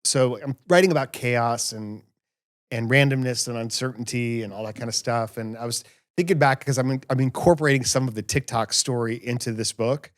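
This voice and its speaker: A man hosting a casual family podcast, telling stories in an animated, self-mocking way. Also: medium pitch, a little fast. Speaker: podcast host. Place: home podcast studio.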